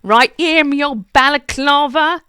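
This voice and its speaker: A woman's voice: deep voice, slow pace, bright, forceful tone, smooth, exaggerated voice. A woman reading a storybook and voicing a sly, cocky male goblin sidekick.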